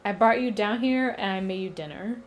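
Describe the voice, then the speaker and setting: A woman's voice: medium pitch, a little fast, natural voice. A woman puts on a lovestruck underworld god who fumbles every line. He rambles, hesitates and talks himself in circles, shy and eager at once. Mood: awkward.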